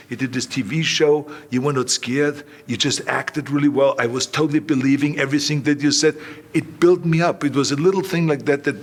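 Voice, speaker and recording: A man's voice: mid-range voice, fairly bright tone. A man in his sixties with an Austrian accent, a German native speaker, telling emphatic stories as an interview guest and acting out quotes. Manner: emphatic, repeats phrases, acts out quotes. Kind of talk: storytelling interview.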